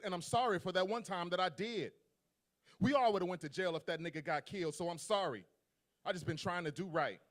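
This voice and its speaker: Man, spoken-word poet, rhyming cadence, pitch a touch high. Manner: rhythmic, rhyming delivery building in intensity. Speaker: slam poet. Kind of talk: spoken word poetry performance.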